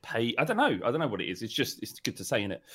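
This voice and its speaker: A man's voice: medium pitch, huge pitch swings, a bit bright, husky. A man co-hosting a casual football podcast, emphatic and indignant. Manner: emphatic, indignant, quick to agree. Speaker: podcast co-host.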